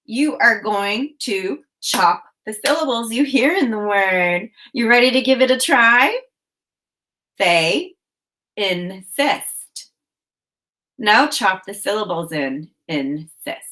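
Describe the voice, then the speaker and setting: A woman teacher leading a children's phonics lesson, speaking in slow, clearly enunciated prompts with encouragement. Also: medium pitch, lively intonation, sharp tone.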